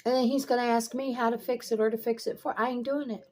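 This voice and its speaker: A woman's voice: fairly high pitch, flat delivery, fast talker, darkish tone. An older woman vlogging casually from her home kitchen, blunt and swearing freely as she rants in exasperation. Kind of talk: casual vlog chat. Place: home kitchen by pool windows.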